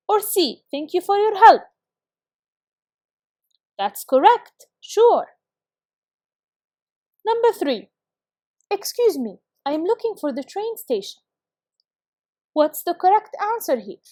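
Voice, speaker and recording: A woman teaching an English lesson to schoolchildren on video, reading example phrases slowly and carefully and often praising her students. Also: sits high, darkish tone, no room sound, clean studio sound.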